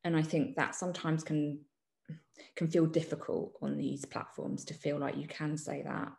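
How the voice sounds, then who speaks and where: A woman journalist talks through her views in a relaxed interview, her voice low with a gravelly texture. She pauses often with ums and restarts her sentences as she thinks. The sound carries a roomy echo. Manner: thoughtful, many ums and restarts. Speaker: journalist guest. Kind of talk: reflective conversational interview.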